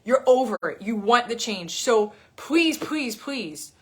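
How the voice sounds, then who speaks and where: Woman fitness coach in her thirties, fairly high voice, profane blunt rant, hammers points with repetition. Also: expressive, slow pace, slightly rough. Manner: profane, emphatic, repeats words for stress. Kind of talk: blunt unscripted rant to camera.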